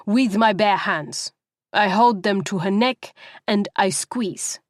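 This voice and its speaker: A woman's voice: medium pitch, slow pace, dry recording, clean studio sound, lightly acted. A woman voicing a male cab driver who speaks broken English in a cheerful, matter-of-fact way. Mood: blunt.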